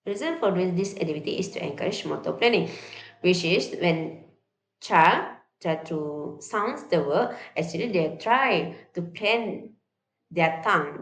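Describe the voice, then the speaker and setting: A woman with a fairly low voice explains a children's movement activity, often pausing with fillers and restarting her sentences. The room around her rings with a noticeable echo. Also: a bit bright. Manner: halting, with many fillers and restarts. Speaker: therapy activity instructor. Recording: echoey room.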